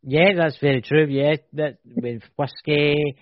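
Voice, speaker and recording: A man's voice: a little high, fairly even intonation, takes it slowly, no echo. A man with a Scottish accent hosting a casual podcast chat. He banters and teases, drawing words out when he explains. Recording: dull lo-fi sound.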